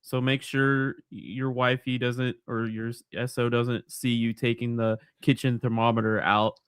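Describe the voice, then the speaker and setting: Male podcast co-host, chatty and easygoing, mid-pitched, dry close sound. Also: level tone, a little slow, clean tone, no room sound. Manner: easygoing, chatty, stumbles on restarts. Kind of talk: casual sports chat.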